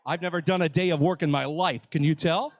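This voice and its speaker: A man's voice: a little high, fairly even intonation, a little fast, no echo. An older man hosting a live convention panel, joking with the crowd and mocking himself. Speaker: panel host. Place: convention stage.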